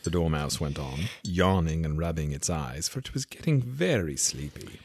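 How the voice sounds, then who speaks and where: A man narrating a storybook reading in an expressive, playful way. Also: rumbling low, moderate pace, slight background noise. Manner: expressive, playful, voices each figure.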